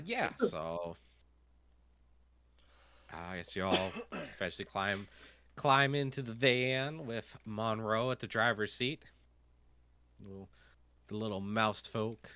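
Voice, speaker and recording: Bright-voiced man running a tabletop game. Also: fairly low pitch, no room sound. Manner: rambling, many fillers. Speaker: game master.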